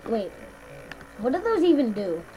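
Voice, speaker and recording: A woman's voice: fairly high pitch, sing-song, normal speed, dark tone, faint music behind, low-quality recording. A young woman co-hosting a gaming video in casual chat, rambling through stories with lots of "like" and "basically" and swearing freely.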